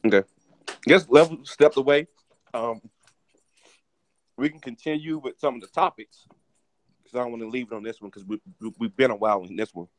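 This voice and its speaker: A man co-hosting a casual gaming podcast, talking in a halting way with many restarts and ums. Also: mid-range voice, no echo. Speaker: podcast co-host.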